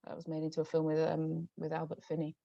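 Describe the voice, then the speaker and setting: A woman's voice: deep voice, completely flat delivery, quick pace, vocal fry, warm tone, dry recording. A woman with a Northern English accent, a novelist talking about her books on a video call, hesitant and full of restarts. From Northern England. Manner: hesitant, many restarts and ums. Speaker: novelist guest. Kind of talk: conversational book talk. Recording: dull lo-fi video call audio.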